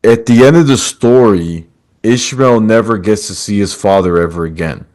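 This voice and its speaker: A man's voice: fairly low pitch, moderate pace, a little mellow. A man hosting a podcast over a video call, retelling a story with quoted lines and calling his guest brother. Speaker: podcast host. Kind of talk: casual storytelling chat.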